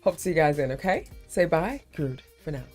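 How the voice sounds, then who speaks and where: A woman with grandchildren, hosting a casual live stream chat in an animated, emphatic way. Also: low-pitched, faint music behind. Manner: animated, emphatic, quick to heat up.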